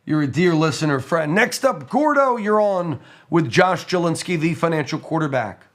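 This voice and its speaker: A hoarse man hosts a call-in radio show. He chats loosely and reads listener notes aloud in a slightly raised voice. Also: fairly high pitch, expressive, moderate pace, a bit bright.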